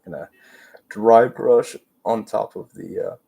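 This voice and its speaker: A man's voice: lowish voice, slow pace, vocal fry, mellow, husky, dull audio. A man with a congested voice hosting a livestream, rambling and muttering as he paints miniatures. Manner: rambling, trailing off and muttering while working. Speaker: livestream host. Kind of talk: casual commentary while painting miniatures.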